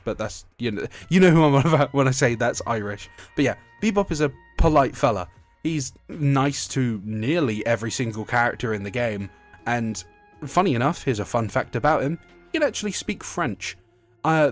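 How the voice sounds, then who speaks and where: A British man gives a loose, chatty commentary, drifting between thoughts and patching up his own sentences as he goes. His voice sits at an ordinary middle pitch. A faint bed of music plays quietly underneath. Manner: rambling, self-correcting, chatty. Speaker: gaming video creator. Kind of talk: casual video commentary.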